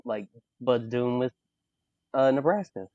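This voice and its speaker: A man's voice: mid-range voice, measured pace, dry recording. Emphatic Mississippi man hosting a podcast. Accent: Mississippi Southern US. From Mississippi, USA. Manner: animated, emphatic, many "like" fillers. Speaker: podcast host. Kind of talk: casual podcast chat. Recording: dull, dry podcast audio.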